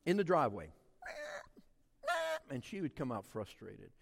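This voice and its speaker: A middle-aged man, preaching a sermon as a pastor, swinging between loud emphatic passages and quiet ones. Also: medium pitch, measured pace, gravelly, slightly rough, big-room sound. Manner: animated preaching with big swings in loudness.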